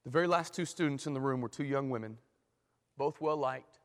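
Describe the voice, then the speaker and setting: A man telling a dramatic illustration story in a sermon, in an animated way. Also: medium pitch, fairly quick. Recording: long hall reverb.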